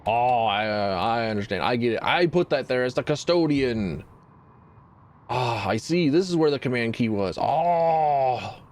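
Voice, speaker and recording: A man streaming a game, rambling casually and jumping into excited high yelps. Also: a little slow. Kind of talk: let's play commentary.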